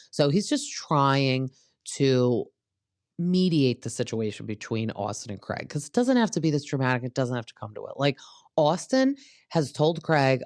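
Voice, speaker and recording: A woman's voice: extremely low pitch, expressive, normal speed, a little mellow, dry recording. Chatty woman host, dry close sound. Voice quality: chatty, filler-heavy, opinionated. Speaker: podcast host. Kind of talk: casual gossip recap podcast.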